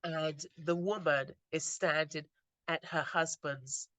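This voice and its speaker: A woman slowly retelling moving stories in an earnest, reflective talk, often stopping and restarting her sentences. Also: deep voice, fairly even intonation, fairly bright tone, no room sound. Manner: earnest, slow storytelling with frequent restarts. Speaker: inspirational speaker.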